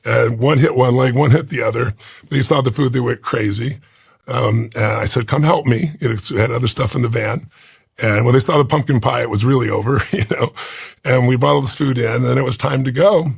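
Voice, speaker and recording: A man, a podcast guest, telling a heartfelt personal story in an earnest, halting way with frequent fillers and restarts. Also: mid-range voice, gravelly, slightly rough, no room sound, studio quality. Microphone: studio podcast mic.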